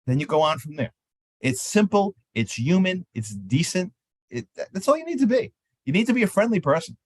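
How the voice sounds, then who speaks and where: A man's voice: high-pitched, brisk, dry recording. A man giving a casual seminar talk on trade show manners, often acting out sample conversations with booth visitors. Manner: animated, acts out sample exchanges in lively voices.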